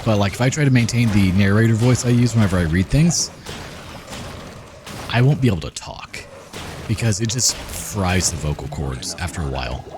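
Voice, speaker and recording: Relaxed low-voiced man chatting over gameplay. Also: moderate pace. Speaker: gaming channel host. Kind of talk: casual commentary over gameplay. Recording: game music playing behind. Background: game music.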